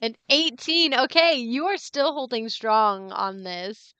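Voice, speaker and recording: Slow-talking woman game master, smooth voice. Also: a little high, sharp tone, dry recording, lo-fi sound. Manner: rambling, many fillers, giggly. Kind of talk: narrating a tabletop game.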